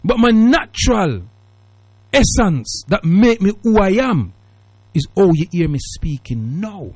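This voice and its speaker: A man with a high, sing-song, slightly rough and somewhat mellow voice hosts a call-in radio show at an unhurried pace, delivering it in an emphatic, preachy way. His British accent leans heavily on Jamaican Patois, and the studio sound has no echo.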